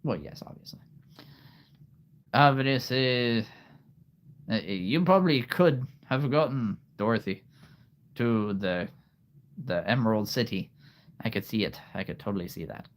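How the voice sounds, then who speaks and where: A male streamer chats casually on his live stream, rambling from one thought to the next. He talks at an unhurried pace with a lively, swinging pitch, and laughs often.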